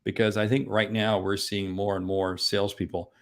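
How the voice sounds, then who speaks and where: A man's voice: fairly low pitch, moderate pace. A middle-aged man hosting a sales podcast, upbeat and playful, cutting in with jokes. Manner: jokey, energetic, playful interjections. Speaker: podcast host. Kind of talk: upbeat interview chat.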